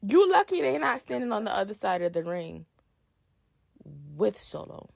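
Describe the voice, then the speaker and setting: A woman's voice: medium pitch, sing-song, normal speed, vocal fry, a little mellow, no room sound. A woman podcast host delivering a heated, profane rant about wrestling, emphatic and fired-up.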